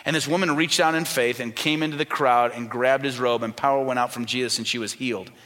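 A man preaching a sermon in a church, talking with the congregation and asking them questions, dropping his voice soft when he quotes the people in his stories. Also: medium pitch, fairly even intonation, fast. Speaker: pastor. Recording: long reverb of a large church hall.

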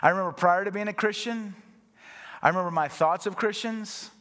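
A man's voice: sits high, brisk, pushed and bright, big-room sound. A man preaching a sermon as a pastor, impassioned and rising to emphatic peaks.

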